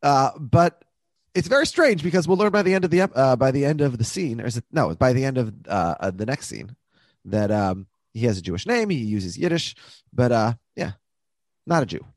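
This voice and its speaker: A man's voice: mid-range voice, very animated, a little fast, no room sound. A man co-hosting a podcast, chatting casually and animatedly about a TV episode, laughing often. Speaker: podcast co-host. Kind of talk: casual chat recapping a TV episode.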